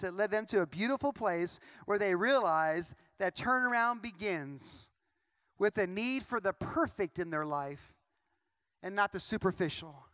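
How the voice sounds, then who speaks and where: A man preaches a sermon in a church, his voice pitched very high and sharply bright. He swings between fervent peaks and hushed moments, voicing prayers aloud as he goes. The sound is close and dry. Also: no echo. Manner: impassioned, rising and falling, acts out prayers aloud. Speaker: pastor. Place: church sanctuary.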